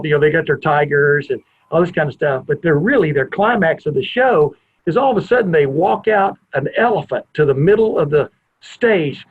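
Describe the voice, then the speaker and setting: A man's voice: fairly high pitch, breathy edge. Rambling man on a tinny phone line. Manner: rambling, digressive storyteller. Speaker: podcast host. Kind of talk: casual anecdote telling. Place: home family room.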